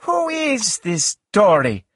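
An emotional young woman with a high, shrill voice that swings hard between suspicion and pleading, as a male audiobook narrator puts her on. Her husky, breathy tone sits close and dry on the recording, with no room around it. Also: expressive, moderate pace, a bit bright, no room sound. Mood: suspicious. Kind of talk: audiobook character voice.

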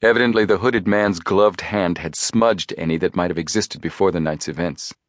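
A man narrating an audiobook with measured storytelling. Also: low-pitched, dry recording, clean studio sound. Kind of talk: scripted narration.

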